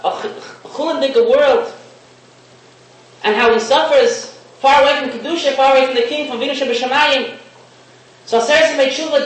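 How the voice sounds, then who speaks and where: High-voiced guy preaching a parable, mixes in hebrew and yiddish words, far off in a super echoey room. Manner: storytelling, sprinkled with Hebrew and Yiddish terms. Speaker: rabbi giving a talk. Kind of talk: sermon with a parable. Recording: echoey room, distant mic, faint hiss.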